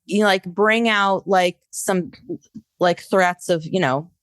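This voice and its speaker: A woman's voice: fairly low pitch, slow pace, fairly bright tone, clear, resonant tone, no echo, studio quality. A middle-aged woman co-hosting a podcast, speaking in a frank, emphatic, exasperated way. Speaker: podcast co-host. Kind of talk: casual podcast chat.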